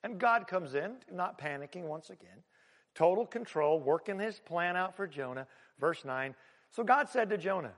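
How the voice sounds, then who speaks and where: A male pastor preaching a sermon in a church, animated, swinging between loud emphatic lines and hushed asides. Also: high voice, normal speed, big-room sound.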